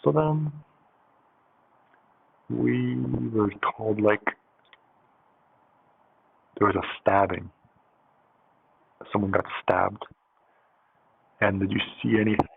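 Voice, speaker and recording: Low-voiced man telling a rambling story. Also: fairly even intonation, takes it slowly, vocal fry, pauses often, slightly rough. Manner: rambling, filler-heavy, swears freely. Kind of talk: casual storytime monologue. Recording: tinny phone-like audio with faint hiss.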